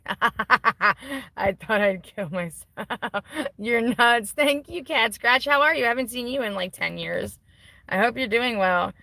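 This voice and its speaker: A woman's voice: a little high, slow, vocal fry, sharp tone, dry recording, low-quality recording. Chatty, self-mocking woman talking outdoors. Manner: chatty, self-mocking, swears freely, laughs often. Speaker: vlogger reading viewer comments. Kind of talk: casual rambling chat. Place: outdoors on a porch while smoking.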